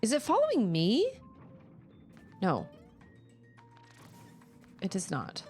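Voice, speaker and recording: A woman live-streaming a platform game, her voice swooping up and down as she chats about what she is playing. She talks casually, breaking off for quick exclamations and laughs. Faint game music plays behind her. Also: mid-range voice, wildly swooping pitch, a little mellow. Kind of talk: casual live-stream chat while gaming.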